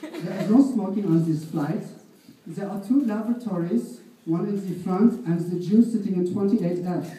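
A man's voice: high voice, moderate pace, lightly acted. A man voicing a curt female flight attendant with a mock German accent and stiff, clipped delivery, recorded far off in an echoey, noisy room.

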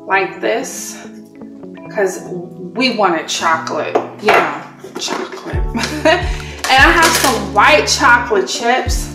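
Slow-talking woman hosting a cooking show. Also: a little high. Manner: chatty, admiring her own work. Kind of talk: casual cooking demonstration. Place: kitchen. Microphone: far from the camera mic. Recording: echoey room, distant mic, background music.

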